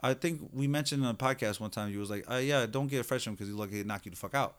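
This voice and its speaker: A man hosting a casual podcast, telling profane, animated stories and doing the voices of people in them. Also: mid-range voice, fast talker, clear, resonant tone. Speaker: podcast host. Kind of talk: casual storytelling chat.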